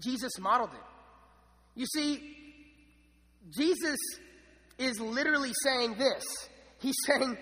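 Young male preacher, high bright voice, eager and chatty, church hall reverb. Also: moderate pace. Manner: enthusiastic, many restarts and fillers. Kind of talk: sermon.

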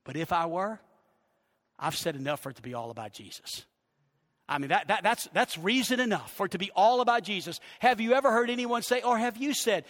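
A pastor with a Southern US accent preaching a sermon to his church, swinging between loud declarations and hushed emphasis. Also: high voice, expressive, a little fast. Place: church sanctuary. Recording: long church hall reverb.

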